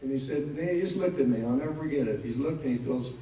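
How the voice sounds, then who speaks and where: A man's voice: mid-range voice, quick pace, mellow. A man preaching a sermon as pastor, emphatic and repetitive, building to fervent passages. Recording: roomy echo, distant mic.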